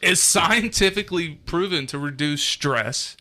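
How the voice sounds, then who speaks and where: A man with a bright, forward voice co-hosts a casual podcast. He reads statistics aloud and chats loosely, with some profanity. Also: a little high, unhurried. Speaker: podcast co-host.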